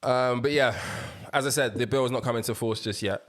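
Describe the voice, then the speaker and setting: A man co-hosting a podcast, in a conversational, measured chat. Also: mid-range voice, fairly bright tone. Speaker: podcast co-host. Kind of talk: casual chat.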